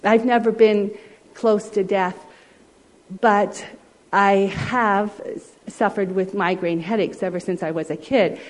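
A woman preacher giving a sermon as a story, gentle and often dropping to a soft hush. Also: mid-range voice, fairly even intonation, takes it slowly, rough recording.

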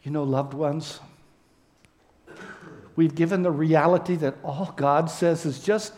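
Guy pastor giving a sermon, kinda high voice, emotional and sincere, takes his time. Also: darkish tone. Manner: earnest, emotional, slow and heartfelt, addressing the congregation. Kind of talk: sermon with closing prayer.

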